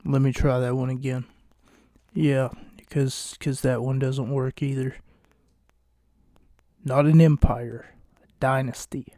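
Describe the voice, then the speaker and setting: A man hosting a casual solo wrestling podcast late at night, talking in a hushed, jokey, rambling way from a home recording space. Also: medium pitch, little pitch movement, slow pace, pauses often, no room sound, clean studio sound. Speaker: podcast host.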